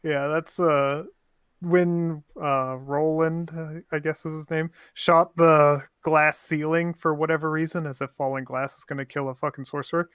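Higher-voiced man, dry close sound. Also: little pitch movement, normal speed, fairly bright tone, clean tone, dry recording. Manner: questioning, swears. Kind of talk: casual chat.

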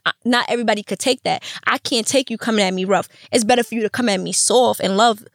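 A young woman telling her story as a podcast guest, animated and profane, acting out quotes in street slang. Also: on the high side, fast, no echo, clean studio sound. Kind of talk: candid storytelling interview.

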